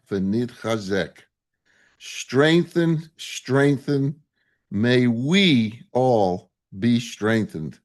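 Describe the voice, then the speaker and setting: A man preaching a sermon as a rabbi, indignant and impassioned, asking rhetorical questions. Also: medium pitch.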